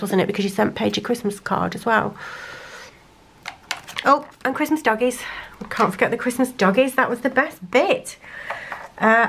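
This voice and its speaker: Casting note: young woman, slightly high voice, easy chatty vlogger who thinks out loud. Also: creaky, a little hiss or hum. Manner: chatty, thinks aloud while sorting stickers. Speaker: planner sticker vlogger. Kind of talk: casual chat to camera.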